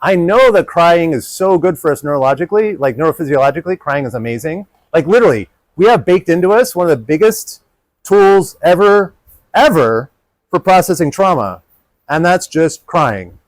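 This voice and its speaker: A man giving a live workshop talk to a group. He speaks animatedly and acts out his inner child in a higher voice. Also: animated, moderate pace, no room sound, rough recording.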